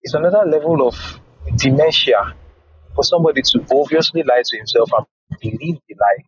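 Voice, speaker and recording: A man in a casual online audio room discussion, arguing forcefully and often restarting his words. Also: medium pitch, a little fast, highs cut off, a little hiss or hum. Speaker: Clubhouse room participant. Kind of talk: impassioned discussion.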